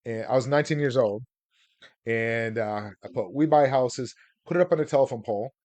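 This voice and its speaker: A man's voice: mid-range voice, fairly quick, a little mellow, dry recording, muffled recording. A man teaching real estate deals on a video call, rambling through stories with plenty of filler words. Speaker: real estate investor teaching seller financing. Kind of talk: casual webinar talk.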